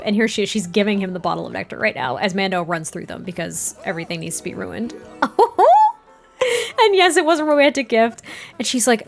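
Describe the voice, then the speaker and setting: A woman's voice: medium pitch, animated, fairly quick, vocal fry. A woman hosting a gaming let's play, chatty and giggly, exasperated by the game now and then.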